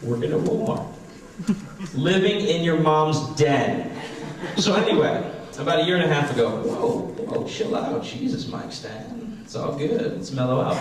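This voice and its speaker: A man's voice: fairly low pitch, darkish tone, a little hiss or hum. A man in his twenties doing a profane, self-deprecating stand-up comedy set. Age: 20s. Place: small stage at a comedy class show. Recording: echoey room, mic far off.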